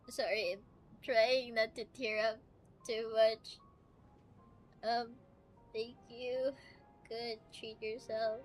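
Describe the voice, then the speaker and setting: A woman's voice: fairly high pitch, flat delivery, drawn-out words, long pauses, faint music behind. A woman streamer chatting casually and tearfully thanking viewers, laughing often. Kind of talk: casual live-stream chat.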